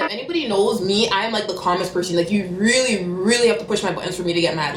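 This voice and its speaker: A young woman telling a storytime vlog. She talks fast and animatedly, and bursts into loud cussing. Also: medium pitch, expressive, echoey room, music in the background. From Canada. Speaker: vlogger.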